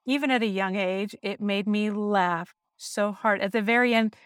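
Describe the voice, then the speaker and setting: A woman's voice: medium pitch, moderate pace, smooth, no echo, clean studio sound. A woman co-hosting a podcast, enthusiastic and giggly as she tells stories in casual chat. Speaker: podcast co-host.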